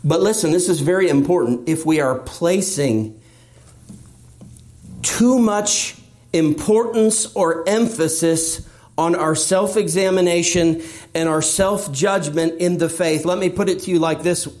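A man with a high voice preaches a sermon. He leans on rhetorical questions and speaks with emphasis. At times he acts out the anxious or boastful inner voice of a believer. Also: unhurried, darkish tone. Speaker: pastor.

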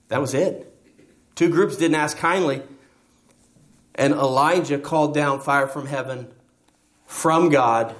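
Guy preaching and reading from the bible, lots of rhetorical questions, voice a bit on the high side. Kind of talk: sermon.

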